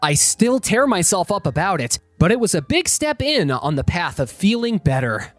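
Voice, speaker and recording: A man reads online stories aloud in a lively, expressive way, his pitch swinging up and down from line to line. The sound is dry and close, with faint music underneath. His voice sits in the middle register. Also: normal speed, no room sound. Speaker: story reader and host. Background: faint background music.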